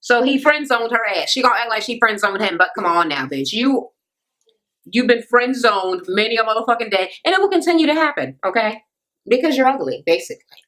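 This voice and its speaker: Bright, profane woman ranting a TV recap. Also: a little high, lively intonation, fairly quick, low-quality recording. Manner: blunt, sassy and heavily profane; sarcastic asides to the viewer. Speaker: reality TV recap vlogger.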